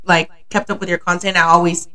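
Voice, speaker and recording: A young woman co-hosting a podcast talks fast in a lowish, level, sharp-toned voice. She chats casually and tells candid stories, laughing frequently.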